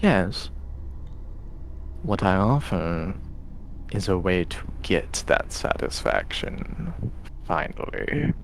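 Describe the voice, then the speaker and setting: A man doing a hushed, sinister voice in the head. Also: sits low, big pitch swings, vocal fry, slight background noise, full character voice. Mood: luring. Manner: slow, hushed and coaxing, half-whispered. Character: disembodied tempting voice, sinister and patient.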